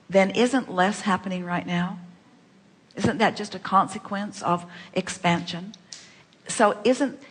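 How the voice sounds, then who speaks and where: Woman, workshop speaker, breathy husky tone, rhetorical questions, says "we", long hall reverb. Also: medium pitch. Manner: speaks of herself as "we", full of rhetorical questions and repetitions. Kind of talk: inspirational teaching with audience questions.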